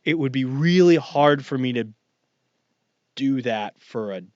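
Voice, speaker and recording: A male podcast co-host talking in casual chat, rambling and trailing off before circling back. His voice sits at a middling pitch. The sound is dry and close, with dull lo-fi quality. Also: animated, measured pace, a little mellow, dry recording.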